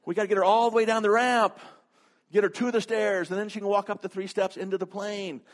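A man's voice: sits high, level tone, pitched above the performer's own voice, natural voice. A man acting out a busy airline worker who explains the boarding steps. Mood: brisk. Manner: brisk, matter-of-fact. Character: brisk airline worker pushing a wheelchair.

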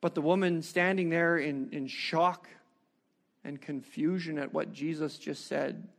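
Brief: male preacher, high-pitched, animated narrative sermon full of rhetorical questions. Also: measured pace, gravelly.

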